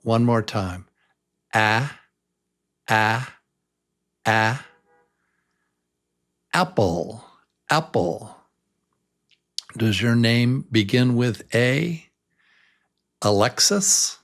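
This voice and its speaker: Slow, patient male English teacher. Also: medium pitch, expressive, a bit bright. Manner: patient, repeats each sound slowly and invites the learner to answer. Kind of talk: slow beginner pronunciation lesson.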